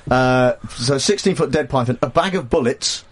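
A man's voice: mid-range voice, normal speed, breathy edge. A man hosting a radio talk show, joking and rambling in casual studio banter. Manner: jokey, rambling, mock-insulting. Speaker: radio host.

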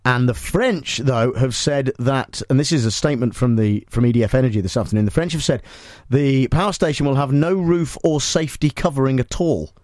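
A man hosting a radio show, delivering made-up news with dry, deadpan humour and rambling asides. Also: mid-range voice, brisk, few pauses, no room sound. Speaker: radio host. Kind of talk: deadpan comic radio chat. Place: radio studio.

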